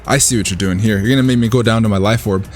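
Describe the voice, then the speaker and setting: A man's voice: on the low side, racing, soft background music. A man casually commentating his own competitive match, thinking aloud and cheering his plays. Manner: excitable, thinks aloud, talks to the opponent.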